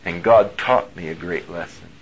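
A male pastor telling a personal story in a sermon, animated and moving between hushed and loud delivery. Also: low voice, normal speed, breathy edge. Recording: dull lo-fi recording.

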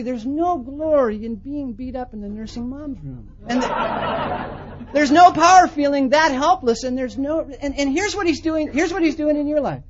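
A man who is a pastor, telling a story in a sermon to a conference with animated delivery, swinging between quiet and loud. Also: very high-pitched, dull audio, a little hiss or hum. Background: audience laughter.

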